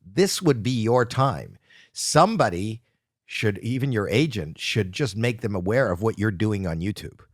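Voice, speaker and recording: A man in his sixties hosts a relaxed interview in a lowish voice, chatty and encouraging, always ready with a follow-up question. The sound is close and dry. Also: moderate pace, dry recording. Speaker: talk show host. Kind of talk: casual interview chat.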